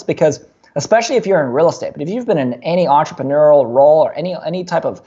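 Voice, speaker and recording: A young man in his twenties, a podcast guest, telling a long personal story in a casual, animated way with many fillers and restarts. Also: fairly high pitch, fast, dull audio.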